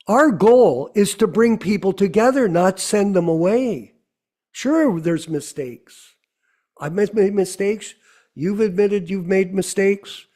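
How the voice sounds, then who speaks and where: A man with a high voice hosts an online devotional gathering over a video call. He talks earnestly and repeats his key phrases to press a point home. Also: mellow. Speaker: host of online devotional discussion. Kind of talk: exhortation to a video call audience.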